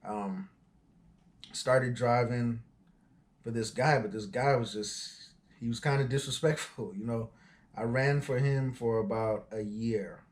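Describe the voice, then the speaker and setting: A man's voice: medium pitch, slow pace. A man of forty, an auto transport business owner, tells his story in a loose, conversational way with frequent fillers and asides. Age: 40s. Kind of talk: casual storytelling.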